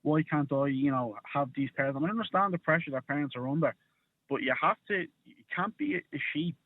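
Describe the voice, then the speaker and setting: A man calls in to a radio show and rambles, full of fillers. His voice sits a little high and comes through a tinny phone line. It has a dry, close sound. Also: fairly quick, no echo. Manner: rambling, fills with "like" and "you know". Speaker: caller. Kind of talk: phone-in call.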